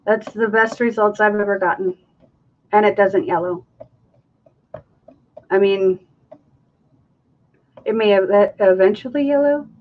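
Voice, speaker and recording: A woman's voice: mid-range voice, measured pace, long pauses, dull audio. A woman hosting a live craft demonstration, chatting casually and thinking aloud as she mixes and counts. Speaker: acrylic pouring artist hosting a live stream.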